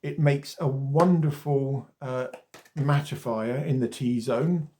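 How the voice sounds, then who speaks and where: A man's voice: medium pitch, slow, a little mellow. A man, chatting casually to camera about skincare and often drifting off topic. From Wales. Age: 40s. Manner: chatty and rambling, wanders off topic, mild swearing. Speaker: skincare vlogger. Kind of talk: casual talking-to-camera demonstration.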